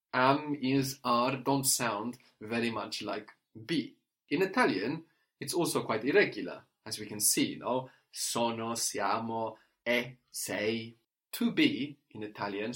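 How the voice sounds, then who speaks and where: A male teacher explains step by step in a patient, unhurried way. He often checks in with a questioning "no?" as he guides a learner through a spoken lesson. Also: mid-range voice, fairly bright tone. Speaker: language teacher.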